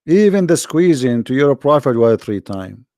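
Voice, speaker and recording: A man hosts a live call-in debate, mocking and sarcastic, with his voice worn out after hours of talking. His tone is dark and gravelly, and the sound is dry and close. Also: mid-range voice, big pitch swings, moderate pace, dry recording. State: tired, worn-out voice.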